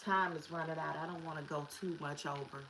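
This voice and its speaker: Woman, lowish voice, casual tarot reading, emphatic, repeats herself, slangy. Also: steady tone, a little fast, background noise. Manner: emphatic and repetitive, drops into slang and curses. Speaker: tarot reader. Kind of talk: casual spiritual reading to camera.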